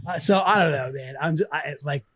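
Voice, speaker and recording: A man's voice: a little high, brisk, background noise. A man co-hosting a casual podcast, telling stories with energy, swearing and acting out quotes. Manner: animated storyteller, swearing, acts out quotes. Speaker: podcast co-host. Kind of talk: casual chat, storytelling.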